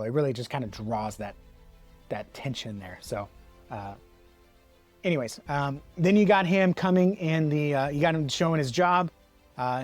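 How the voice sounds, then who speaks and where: A man's voice: medium pitch, a little mellow. Rambling man reviewing a comic, faint music. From Texas. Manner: rambling, many fillers and restarts, chuckles. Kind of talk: casual review monologue.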